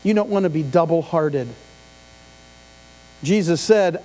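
Speaking in a fairly high, dark-toned voice, this middle-aged man preaches a little slowly and pauses often. His sermon is conversational, full of questions to the congregation and side remarks. It comes from a church sanctuary via a live stream with long reverb and mains hum.

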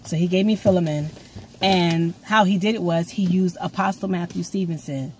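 A woman giving an excitable, rambling prophetic message to her viewers, recorded on her own camera at home. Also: fairly low pitch, moderate pace, slight background noise. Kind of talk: casual prophetic video message. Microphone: camera she sets up herself.

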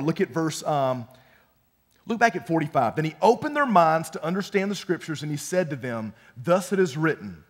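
A young man giving a youth sermon as student pastor, animated and often close to shouting. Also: a little high. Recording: long hall reverb.

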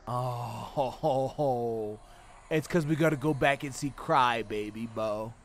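A young man doing loud, profane let's-play commentary on a horror game, screaming at jump scares. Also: medium pitch, measured pace, a little hiss or hum. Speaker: gaming streamer.

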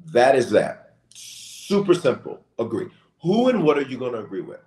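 Low-voiced preaching bishop, very animated delivery, roomy echo. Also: male voice, fairly quick. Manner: impassioned, rising to shouted emphasis. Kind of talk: preaching in a church talk show.

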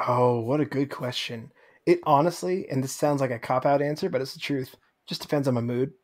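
A man guesting on a podcast, chatting casually, quick to laugh and enthusiastic. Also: mid-range voice, a little mellow. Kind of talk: casual chat.

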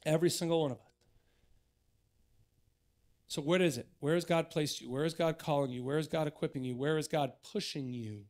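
A man's voice: on the high side, a little fast, pauses often, a little mellow. A man in his thirties, a pastor preaching an earnest sermon in church that builds to emphatic exhortation.

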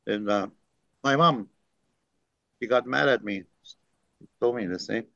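A man teaching through unhurried stories, full of fillers and the tag "eh?". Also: fairly low pitch, creaky, bright, forceful tone, dry recording. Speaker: language teacher. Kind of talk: storytelling teaching talk. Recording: dry, dull lo-fi recording.

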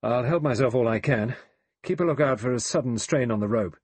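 A man voicing a brisk, capable male adventurer giving orders. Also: mid-range voice, darkish tone, slightly rough, dry recording, voice pushed up, close to an everyday voice.

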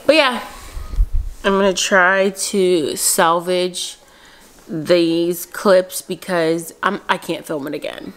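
Taking her time in a voice on the low side, this twenty-something mom vlogger from Philadelphia rambles candidly, her speech peppered with "like."

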